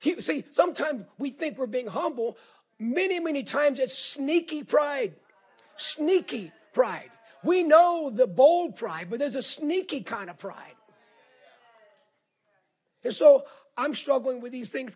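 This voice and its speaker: A middle-aged male pastor with a Southern accent, preaching a sermon as an animated storyteller who repeats words and builds to shouts. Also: extremely high pitch, slow pace.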